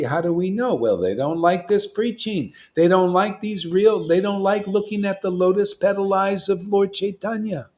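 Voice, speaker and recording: Rambling, emphatic male preacher. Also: sits high. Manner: rambling, emphatic, acts out imagined listeners. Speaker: spiritual teacher. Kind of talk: informal devotional sermon.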